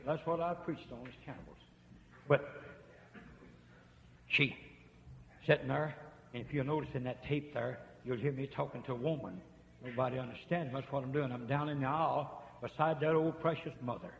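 A man preaching a revival sermon, swinging from hushed murmurs to shouts. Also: medium pitch, moderate pace, gravelly, a little hiss or hum. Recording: dull lo-fi tape with long reverb.

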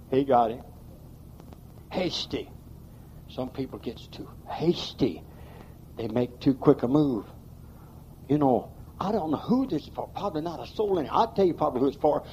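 A man's voice: medium pitch, warm tone, slight background noise. A man preaching a sermon in a church, emphatic and folksy, with plain rural grammar. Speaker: pastor.

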